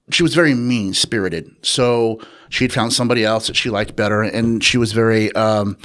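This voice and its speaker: A man speaking as an interview guest, recounting a personal story. He talks in an unhurried, reflective way, pausing often and filling gaps with small hesitations. His voice sits at an ordinary middle pitch for a man. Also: a bit bright. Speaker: interview guest, author and researcher.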